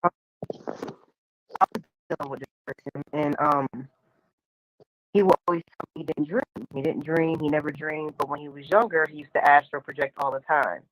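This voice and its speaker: A woman casually telling a long personal spiritual story, animated, full of slang and acted-out dialogue. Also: sits low, normal speed, pauses often, a little hiss or hum, rough recording.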